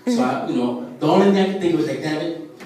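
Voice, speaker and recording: Warm-toned and rapid-fire, with lively intonation and a fairly high pitch, a man from a Puerto Rican family in the US works an open mic at a restaurant. His stand-up is a rambling, loosely told story heavy on fillers and character voices, recorded from far away in a very echoey room.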